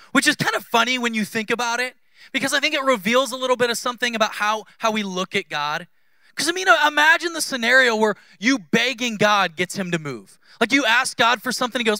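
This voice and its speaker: A man in his thirties preaches in a loose, joking way, bouncing into playful voices for the people he quotes. His voice sits very high and sharp. The sound is close and dry. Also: no echo. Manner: conversational, humorous, acts out quoted voices. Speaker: pastor. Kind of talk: sermon. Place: church.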